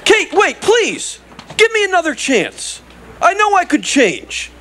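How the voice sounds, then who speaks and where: A man voicing a needy, wisecracking furry male alien in a sitcom, whining and pleading with quick comebacks. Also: very high-pitched, wildly swooping pitch, pushed and bright, slight background noise, exaggerated voice. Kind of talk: 1980s sitcom acting. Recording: studio audience laughter track.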